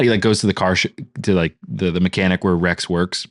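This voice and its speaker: A man's voice: sits low, steady tone, brisk, dry recording, studio quality. A man co-hosting a podcast, improvising a story in casual chat, laughing and acting out characters' lines. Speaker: podcast co-host.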